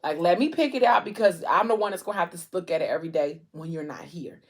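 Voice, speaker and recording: A woman quoting a nervous young woman friend in her story, pitching her voice higher and sounding worried and hesitant. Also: lively intonation, quick pace.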